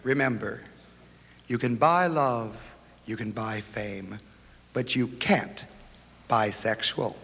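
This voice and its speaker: A man's voice: mid-range voice, slow pace, creaky, long pauses. A middle-aged man in drag doing campy, flamboyant stand-up comedy on a TV stage. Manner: campy, flamboyant joke delivery. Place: TV studio stage before a laughing audience. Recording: 1970s TV audio with a live audience, hiss and hall reverb.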